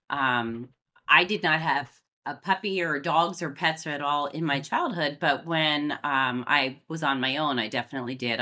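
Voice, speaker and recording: Woman cohost, really low voice but bright and punchy, chatty, upbeat. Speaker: podcast co-host. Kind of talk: casual podcast chat.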